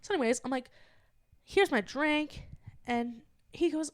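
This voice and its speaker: High-voiced woman telling a lively story. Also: a little fast, dry recording, studio quality. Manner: animated, acts out quoted dialogue. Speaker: podcast co-host. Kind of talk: casual storytelling chat.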